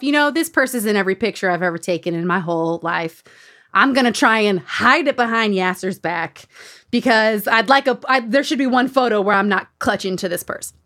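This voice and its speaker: A woman's voice: mid-range voice, a little fast. A woman host telling a story in casual chat, acting out the people she quotes. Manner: animated, acts out quoted voices. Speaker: podcast host.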